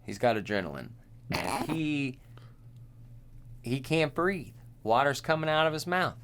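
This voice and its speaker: A man's voice: mid-range voice, big pitch swings, a little fast, fairly bright tone. A man co-hosting a podcast in casual chat, laid-back, laughing often and quoting lines. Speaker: podcast co-host.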